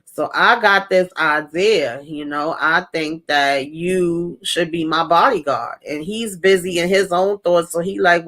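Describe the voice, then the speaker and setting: A woman's voice: on the low side, fairly even intonation, a little slow, hardly any pauses, a bit bright. A woman co-hosting a casual movie discussion, retelling scenes and acting out the lines with laughs. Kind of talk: casual movie recap chat.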